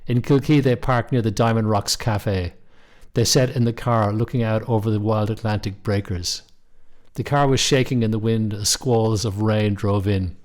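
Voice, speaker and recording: A middle-aged man, reading a short story aloud in a calm, measured way. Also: on the low side. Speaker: narrator.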